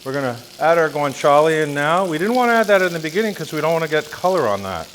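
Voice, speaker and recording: A man cooking and demonstrating a recipe as a chef, chatting with jokes and lively asides. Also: fairly high pitch, quick pace. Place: kitchen, cooking at the stove. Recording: sizzle and kitchen noise. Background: sizzling pan.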